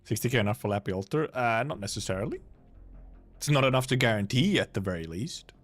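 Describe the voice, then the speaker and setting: Man from Finland, native Finnish speaker, streamer, casual joking commentary, mid pitch, faint music behind. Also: animated, fast talker. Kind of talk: reading a game story aloud with commentary.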